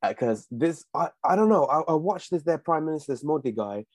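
A man's voice: a little high, expressive, a little fast, no echo. A man in his twenties co-hosting a casual podcast, bantering and laughing as he tells stories. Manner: joking banter, laughs mid-story. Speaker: podcast co-host. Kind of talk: casual chat.

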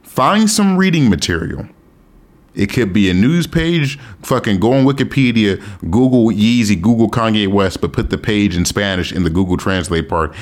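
A man giving casual, profane advice to his viewers, animated and emphatic, often repeating himself. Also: lowish voice, normal speed. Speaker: language learning vlogger. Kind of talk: casual advice monologue to camera.

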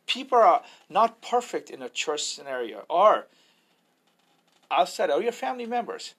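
Husky-voiced earnest male evangelist. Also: high voice, very animated, normal speed, a bit bright. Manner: earnest, preacherly, quoting scripture. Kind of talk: personal faith testimony.

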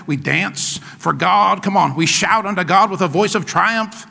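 A male pastor delivers an energetic sermon, shouting encouragement and prompting his congregation for responses. His voice is high, bright and cutting, leaping widely in pitch. It rings with the long reverb of a church sanctuary. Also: moderate pace, creaky, few pauses. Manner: exclamatory, call-and-response, keeps urging "come on".

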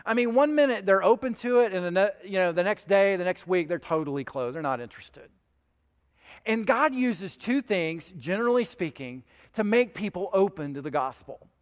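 Male pastor, high voice, chatty conversational sermon, long hall reverb. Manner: conversational preaching with asides to the congregation.

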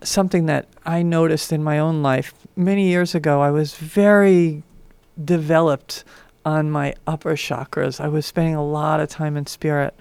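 A woman's voice: sits low, fairly even intonation, normal speed, creaky, darkish tone, smooth, dry recording. A woman co-hosting a radio talk show, sharing personal reflections in casual spiritual talk from a radio studio.

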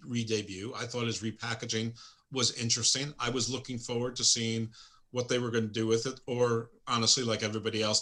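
Bright-voiced joking male co-host. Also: mid-range voice. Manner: wry, joking, animated asides. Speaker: podcast co-host. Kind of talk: casual wrestling chat.

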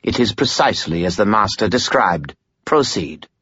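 A man's voice: lowish voice, lively intonation, moderate pace, fairly bright tone, breathy edge, dry recording, highs cut off. A man voicing a cold, contemptuous male spirit bound in a skull, speaking in an empty, scornful way. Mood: cold contempt.

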